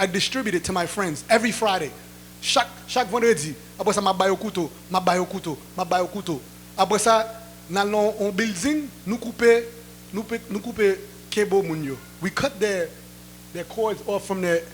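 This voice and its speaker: A male pastor giving a sermon testimony, repeating each point in two languages and building to loud, emphatic bursts. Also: very high-pitched, slight background noise. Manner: switches between Creole and English, repeating each point.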